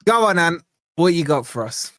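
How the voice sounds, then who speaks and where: A man's voice: fairly high pitch, sing-song, normal speed. Upbeat man hosting a live stream. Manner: upbeat, reads out super chats with shout-outs. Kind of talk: casual live stream chat.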